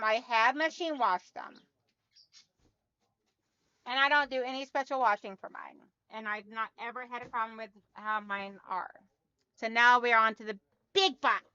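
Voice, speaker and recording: A woman's voice: fairly high pitch, bright, forceful tone, clean tone, highs cut off. A woman hosting a casual quilting livestream, chatty and talking straight to her viewers as she reads out their comments.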